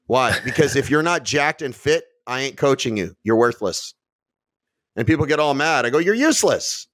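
A man's voice: medium pitch, moderate pace, a bit bright, no room sound, studio quality. A man talking as a podcast guest in a casual interview, blunt and brash, swearing freely and acting out other people in put-on voices. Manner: acts out quoted people in different voices. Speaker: podcast guest, fitness business owner.

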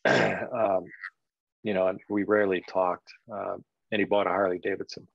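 An older man, a guest on a podcast, telling a personal story in a reflective, halting way with many "you know"s. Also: low voice, little pitch movement, gravelly, dry recording. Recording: dull, dry lo-fi sound.

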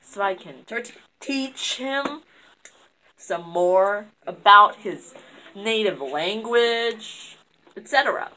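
A woman's voice: medium pitch, expressive, takes it slowly, bright, forceful tone, low-quality recording. A woman voicing a mean, sarcastic male schoolteacher who sneers at his class. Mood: bossy. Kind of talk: fan puppet comedy acting.

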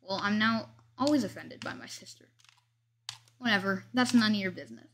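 A woman's voice: medium pitch, animated, fairly quick, a bit bright, slight background noise. A woman chatting casually as she narrates her gameplay, commenting on every move and joking about herself. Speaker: gameplay video host.

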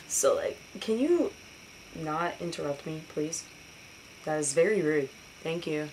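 A woman's voice: deep voice, big pitch swings, takes it slowly, a little mellow, slight background noise, rough recording. A young woman ranting in a casual vlog, sarcastic and profane, slipping into mocking voices. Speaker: vlogger.

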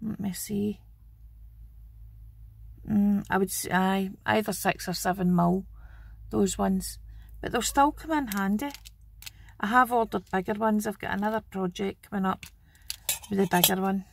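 A woman's voice: medium pitch, fairly even intonation, measured pace, gravelly, pauses often, breathy edge, no room sound. A Scottish woman chatting homely and casually as she shows off her craft haul. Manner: chatty and homely, fond of 'wee'. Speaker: craft channel host. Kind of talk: casual show-and-tell haul video.

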